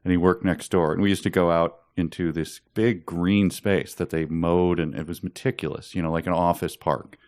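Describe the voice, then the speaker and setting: A man co-hosting a podcast, telling stories in a relaxed, chatty way and laughing often. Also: deep voice, moderate pace, hardly any pauses. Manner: laid-back storytelling with frequent laughs. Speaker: podcast co-host. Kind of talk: casual chat.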